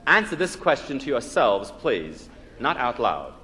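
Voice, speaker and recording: A man's voice: mid-range voice, big pitch swings, a little slow, bright, forceful tone. A man from the United States giving a humorous live lecture as a psychologist, telling jokes and quizzing his audience with rhetorical questions. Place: lecture hall before an evening audience. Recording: 1961 live lecture LP with hall reverb and faint noise.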